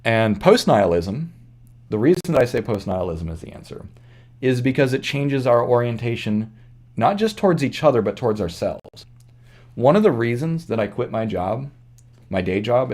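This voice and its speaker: A somewhat low-voiced man talks through his views in an unscripted monologue as a channel host. He is earnest and reflective, often stopping to restart or correct himself mid-sentence. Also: animated, moderate pace, a little mellow.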